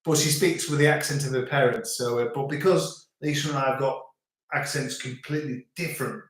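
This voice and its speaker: A man's voice: medium pitch, fairly even intonation, brisk. A middle-aged man from England with a Northern English accent, chatting casually and rambling on a family live stream. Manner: chatty, rambling, repeats words. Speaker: host. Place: family home in rural France. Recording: very echoey room.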